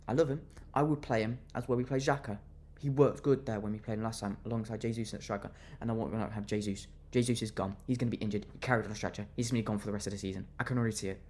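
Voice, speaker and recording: A young man delivers a furious fan reaction rant about his football team. He sounds fuming and keeps repeating himself as he vents, with his voice at a mid pitch. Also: fairly even intonation, racing, hardly any pauses, darkish tone. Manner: fuming, repetitive, venting.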